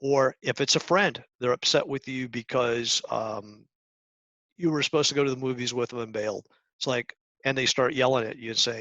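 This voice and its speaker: A middle-aged man giving a talk to high school students, coaching earnestly with restarts and acted-out examples. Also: moderate pace, pushed and bright, no echo. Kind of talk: presentation talk. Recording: dull lo-fi sound.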